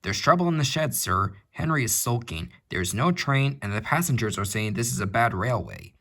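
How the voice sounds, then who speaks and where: A man's voice: on the low side, sing-song, moderate pace, fairly bright tone, full character voice. A man reading a storybook, voicing a worried male station master. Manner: worried, urgent.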